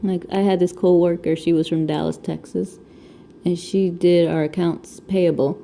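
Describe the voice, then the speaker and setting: Her voice is fairly low, steady and dark, with vocal fry, at normal speed, and the camera-mic recording carries a little hiss or hum. She is a crafting vlogger from Connecticut, around her thirties with a Connecticut accent, chatting and rambling at home during diamond painting and laughing often.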